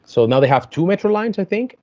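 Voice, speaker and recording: A man's voice: high voice, very animated, quick pace, warm tone. A man talking as a podcast guest in a casual, hesitant way, with lots of fillers and restarts. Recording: dull lo-fi sound.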